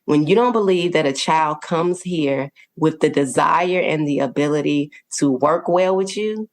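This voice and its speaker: A parenting coach appears as a podcast guest, her voice low. She shares her story warmly and earnestly, laughing at times and dropping quick "okay?" and "right?" checks, keeping things open and conversational.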